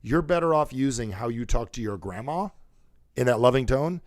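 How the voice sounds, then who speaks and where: A man's voice: medium pitch, animated, moderate pace, no echo, clean studio sound. A man hosting a motivational talk show about sales and conversation, who acts out how people sound on calls. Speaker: show host and sales coach.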